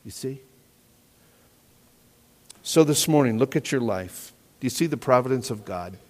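A man preaching a sermon as pastor, earnest and questioning, often dropping to quiet emphasis. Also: mid-range voice, animated, a little slow. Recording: echoey hall reverb.

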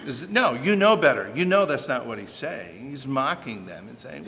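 A man preaching a sermon in an animated way, firing rhetorical questions at his listeners. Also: medium pitch, normal speed, few pauses, long reverb tail, a little hiss or hum.

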